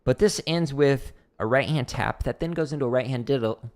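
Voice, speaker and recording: A man with a gravelly, creaky voice of middle pitch walks through drum patterns in a laid-back way, often thinking aloud. He sings the rhythms with quick vocal syllables, and loud clicks and drumming sit behind his voice. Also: heavy background noise. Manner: relaxed, thinking aloud with fillers. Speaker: drum instructor streaming practice. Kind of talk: casual spoken drum lesson. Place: home practice room.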